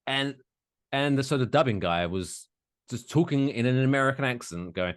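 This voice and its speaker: A man's voice: medium pitch, animated, normal speed, smooth, dry recording, clean studio sound. A man co-hosting a podcast in casual chat, ranting with plenty of swearing. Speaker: podcast co-host.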